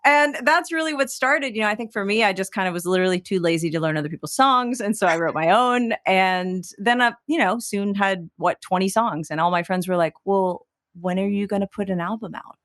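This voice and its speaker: A woman's voice: medium pitch, animated, a little fast, few pauses, a bit bright. A woman from Texas, a singer-songwriter, talking candidly and reflectively as an interview guest, often saying "like.". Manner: reflective and candid, uses "like" often, laughs easily.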